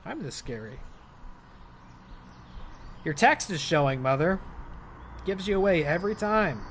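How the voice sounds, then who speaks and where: A man giving relaxed, musing gameplay commentary as he plays a horror game, with asides to viewers. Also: on the high side, unhurried, noisy background. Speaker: gamer playing a horror game. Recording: loud game music behind.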